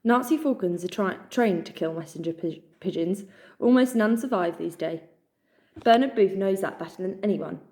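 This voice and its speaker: A woman voicing a fierce, suspicious male eagle soldier who warns gruffly in a storybook reading. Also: medium pitch, moderate pace, lightly acted. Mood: wary. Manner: gruff, hushed, warning.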